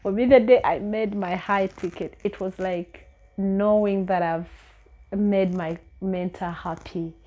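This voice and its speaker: Ugandan-accented young woman, earnest vlog storytelling, lots of uhs and repeats, mid-pitched. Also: steady tone, measured pace, mellow, muffled recording. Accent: Ugandan English. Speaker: vlogger.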